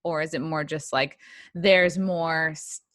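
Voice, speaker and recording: Bright-voiced woman host, chatty. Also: low-pitched, fairly even intonation, takes it slowly, dry recording, clean studio sound. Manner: laughs often, asks probing questions. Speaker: podcast host. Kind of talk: casual interview chat. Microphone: video call.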